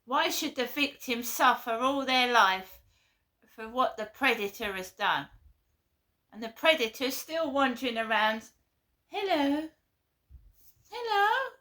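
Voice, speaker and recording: A woman's voice: a little high, a little slow, bright, forceful tone. A woman giving a blunt, earnest vlog monologue, often repeating herself. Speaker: vlogger. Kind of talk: impassioned monologue.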